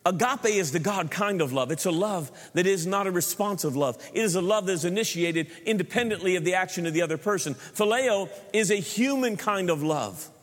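In a large church hall with long reverb, a middle-aged male preacher delivers a humorous sermon to his congregation, repeating words as he builds each point. His voice sits high and is expressive, fairly quick, with few pauses.

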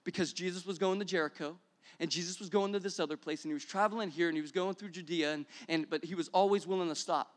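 A young man preaching a sermon as pastor, energetic and repetitive, building to exclamations. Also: sits high, fast talker.

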